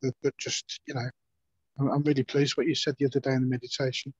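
A slightly hoarse man speaks in a flat, even voice, hesitating and restarting as he shares a reflection. The call audio sounds dull and lo-fi, with a very dry sound. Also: mid-range voice, no room sound. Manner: halting, many fillers and restarts, earnest. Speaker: course participant. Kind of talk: personal sharing.

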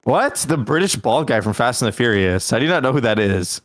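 A man's voice: medium pitch, very animated, brisk, dry recording, clean studio sound. A young man chatting and teasing as co-streamer during a casual game stream. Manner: teasing and playful. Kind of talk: casual gaming chat.

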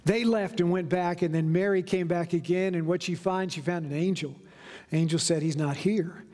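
A male pastor preaching a sermon, retelling stories as he goes and slowing down to stress key points. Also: sits high, fairly even intonation, a little mellow. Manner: storytelling preacher, slows down for emphasis. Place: church sanctuary. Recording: long reverb of a church hall.

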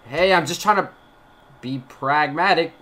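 A young gaming YouTuber with a slightly high voice speaks a little slowly, his tone bright and forceful, as he cracks jokes about a horror game directly to his viewers. He records in a dark room at home using a desk mic and a face cam, keeping things chatty and playful.

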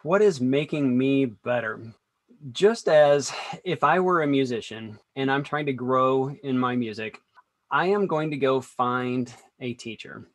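A man who is a business consultant, a guest in a podcast interview, explaining his points in a steady, instructive way. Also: mid-range voice, measured pace, dry recording. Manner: steady, explanatory, draws on teaching music. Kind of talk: conversational interview.

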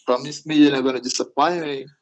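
A man's voice: mid-range voice, fairly even intonation, quick pace, a crowd in the background, low-quality recording. A man on a voice chat, pleading and sweet-talking in broken English, calling her baby over and over. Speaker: scammer. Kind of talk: romance-scam voice chat.

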